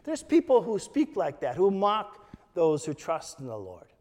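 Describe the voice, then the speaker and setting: A man preaching in a church, his slightly high voice carrying a long reverb. He speaks slowly and deliberately, reading scripture aloud and pausing between phrases. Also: wildly swooping pitch, a little mellow. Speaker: pastor. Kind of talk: sermon.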